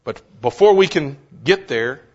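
Slow, emphatic preacher man. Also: fairly high pitch, expressive. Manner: emphatic, repeats words for stress, asks the listeners questions. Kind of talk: sermon. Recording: dull lo-fi recording.

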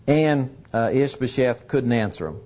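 Male Bible teacher, casual and halting, mid-pitched, dull lo-fi recording. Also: vocal fry, a little mellow, slightly rough. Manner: halting, with many fillers and restarts.

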